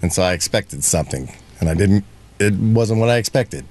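A man's voice: deep voice, a little fast. A man hosting a morning radio show, joking with his co-hosts and taking calls from listeners. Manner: joking, animated, takes callers. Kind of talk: casual radio chat.

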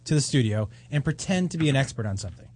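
A man's voice: mid-range voice, expressive, rapid-fire, darkish tone. A man co-hosting a casual chat, teasing and joking in banter with his partner. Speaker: co-host.

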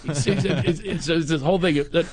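A man on a podcast telling a story with lively energy and acting out both sides of the conversation in loud, high voices. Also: moderate pace, husky, no echo. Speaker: comedian and podcast co-host. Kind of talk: animated storytelling chat.

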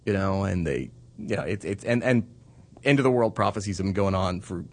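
A man's voice: sits low, normal speed. A man in his thirties in casual chat, animatedly telling a story and acting out the people in it. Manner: animated storyteller, acts out quotes.

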